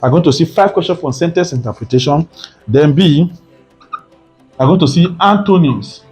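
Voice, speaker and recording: A man's voice: on the high side, lively intonation, moderate pace, a little mellow, faint music behind. A man teaching an exam prep lesson, often repeating points and asking rhetorical "what?" questions. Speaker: tutor.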